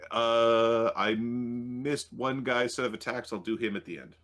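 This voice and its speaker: A man's voice: medium pitch, steady tone, unhurried, fairly bright tone. A man running a tabletop game as game master, talking through rules and rolls with frequent ums. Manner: hesitant, full of ums, working through rules aloud.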